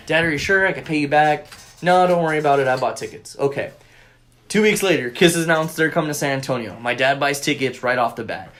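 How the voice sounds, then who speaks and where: Young man, rambling and swearing a lot, a bit high voice, excitable, phone-recorded casual chat. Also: fast. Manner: profane, rambling storyteller, excitable. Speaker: podcast co-host.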